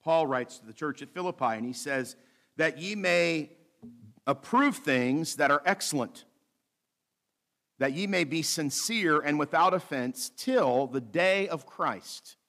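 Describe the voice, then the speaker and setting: A male pastor delivering a sermon, reading scripture slowly and adding light asides with a bit of humor. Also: fairly high pitch, lively intonation, a bit bright. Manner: preaching with light humor, slows to read scripture aloud.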